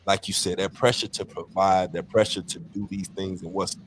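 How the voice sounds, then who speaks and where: A man's voice: deep voice, fairly even intonation, moderate pace, a little hiss or hum. A man co-hosting a casual podcast, talking candidly and profanely and telling stories. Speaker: podcast co-host.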